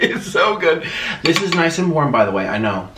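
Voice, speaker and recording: A man's voice: a little high, a bit bright, echoey room, a little hiss or hum. A man hosting a casual eating vlog in a playful, theatrical, sing-song manner. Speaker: mukbang host.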